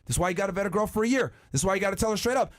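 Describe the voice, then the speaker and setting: A man hosting a podcast, ranting loudly and emphatically, heavy on profanity and often shouting. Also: high-pitched, rapid-fire. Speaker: podcast host. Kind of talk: heated podcast rant.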